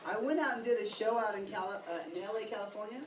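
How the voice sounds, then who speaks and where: A man's voice: sits high, fast talker. Man voicing stand-up in an echoey club. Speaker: interpreter voicing a deaf stand-up comedian. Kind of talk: stand-up comedy. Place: comedy club lounge. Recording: distant roomy club mic with crowd and noise.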